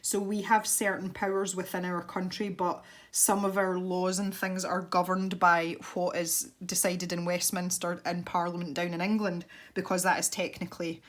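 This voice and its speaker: A woman's voice: lowish voice, little pitch movement, normal speed, few pauses. A woman with a west-of-Scotland accent, chatting casually and rambling as she colours for a tutorial. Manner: chatty and rambling, self-deprecating. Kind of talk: casual chat while colouring.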